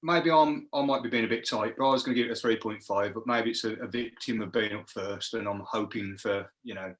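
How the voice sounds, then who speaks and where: A man's voice: fairly low pitch, brisk, fairly bright tone. A man joining a casual beer review as a guest, laddish and forever calling his friend mate. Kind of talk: casual chat.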